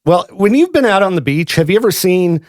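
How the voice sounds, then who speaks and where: High, lively man co-hosting radio. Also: a little fast. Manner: laughs often, animated. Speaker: radio co-host. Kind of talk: casual radio banter. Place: radio studio.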